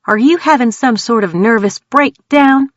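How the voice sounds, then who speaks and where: A woman voicing a sharp, scolding older mother who fires off exasperated questions. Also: fairly high pitch, moderate pace, no echo, highs cut off, pitched above the performer's own voice, lightly acted.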